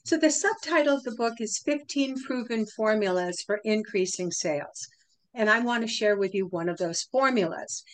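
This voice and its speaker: A middle-aged woman, a guest on a podcast, explaining a sales method in an animated way with deliberate pauses. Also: medium pitch. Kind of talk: casual interview talk.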